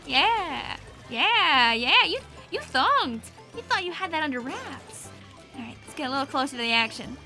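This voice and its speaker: A very high, piercingly bright young woman chatters through her gameplay as a streamer, teasing opponents and squealing when things go wrong. Her pitch leaps all over the place, and faint game music plays beneath her desk mic. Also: lively intonation, normal speed. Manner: playful, teasing, squealing and laughing often. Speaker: gaming streamer. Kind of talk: excitable gameplay commentary. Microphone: desk microphone.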